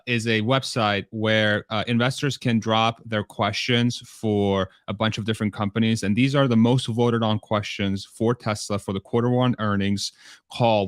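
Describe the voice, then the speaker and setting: Male livestream host, low voice, dry close mic, hesitant. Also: dry recording. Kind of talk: casual live stream hosting.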